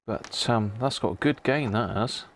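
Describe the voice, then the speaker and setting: A chatty man hosts a relaxed live stream from his electronics workbench. His voice sits at an ordinary pitch, and he talks to his viewers while muttering over the parts he tests. A faint noise hangs behind him. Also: normal speed. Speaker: live-stream host repairing a vintage radio. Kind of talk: casual live-stream chat while working.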